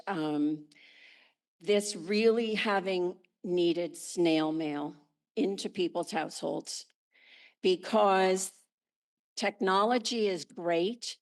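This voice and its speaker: Measured older woman, lowish voice. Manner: measured, matter-of-fact. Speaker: former board member giving public comment. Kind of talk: public comment at a town meeting.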